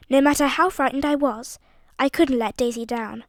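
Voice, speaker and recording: A woman narrating a mystery audiobook in an expressive storytelling style. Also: high-pitched, normal speed, dry recording. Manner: expressive, voices each character.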